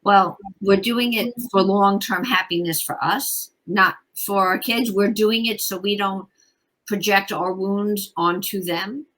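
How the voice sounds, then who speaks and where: A woman's voice: mid-range voice, takes it slowly, fairly bright tone, rough recording. A woman in her forties, a parenting coach speaking as a guest in a casual interview, emphatic and repeating her key points.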